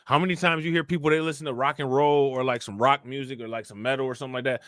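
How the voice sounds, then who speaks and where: A man hosting a casual livestream, ranting in animated, slangy commentary and reading chat comments aloud. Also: mid-range voice, racing, few pauses, no room sound, studio quality. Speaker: livestream host reacting to news.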